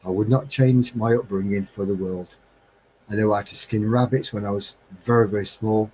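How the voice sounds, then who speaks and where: A man's voice: fairly low pitch, steady tone, normal speed, darkish tone, a little hiss or hum, poor audio. A man hosting a casual live stream chat, rambling cheerfully, laughing and breaking into snatches of song. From England.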